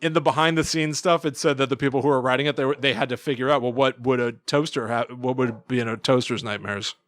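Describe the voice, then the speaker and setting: A man's voice: mid-range voice, fast talker, no echo. A man in his thirties co-hosting a podcast, retelling a story in casual chat and acting out bits of it. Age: 30s. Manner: animated storytelling, acting out lines with laughs. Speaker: podcast co-host.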